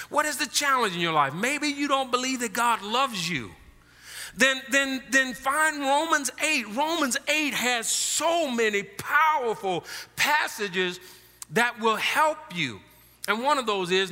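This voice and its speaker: A middle-aged man preaches from the pulpit, his voice high and very bright. He swings between hushed, drawn-out lines and loud bursts. The sound carries the long reverb of a large church sanctuary. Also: animated. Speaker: pastor. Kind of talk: sermon.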